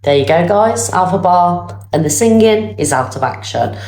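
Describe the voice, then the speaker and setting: Brief: woman, low-pitched, slight cold, chatty livestream host, roomy echo. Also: expressive, moderate pace, darkish tone. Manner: chatty, swings to high squeals, swears casually. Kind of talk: casual live-stream chat.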